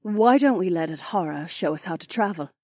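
A man voicing a blunt, excitable young woman soldier. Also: high voice, fairly quick, dry recording, clean studio sound, voice pushed up. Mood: eager.

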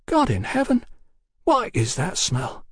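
A man playing a rustic young fellow with a Sussex drawl, pitched up and wondering. His voice rises and falls widely in a dry, close audiobook reading. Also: huge pitch swings, breathy edge, no room sound, exaggerated voice. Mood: gloating. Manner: slow drawl. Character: rustic young country brother.

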